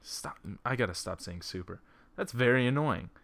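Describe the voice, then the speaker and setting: Male let's-player reading a text game with jokey asides, bright forceful voice, laptop mic. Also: medium pitch, animated, normal speed, gravelly. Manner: breaks off into joking, laughing side comments. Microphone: laptop's built-in mic.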